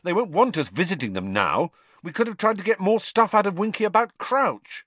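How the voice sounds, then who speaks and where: A man's voice: high-pitched, lively intonation, fairly quick, a bit bright, dry recording, voice pushed up. A man voicing a grumpy teenage schoolboy with a blunt, sulky way of talking. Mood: annoyed. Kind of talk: audiobook character voice.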